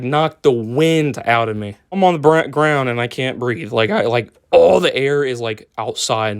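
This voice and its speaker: A man's voice: medium pitch, clear, resonant tone, no echo, clean studio sound. A young man telling a casual story-time tale, rambling and swearing, with lots of fillers and restarts.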